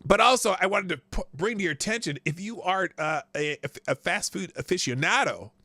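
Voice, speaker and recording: A man's voice: high voice, lively intonation, fairly quick, pushed and bright, no echo, studio quality. A man hosting a live news stream, chatting casually, greeting viewers by name and often trailing off mid-sentence. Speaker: livestream news show host. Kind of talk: casual livestream chat.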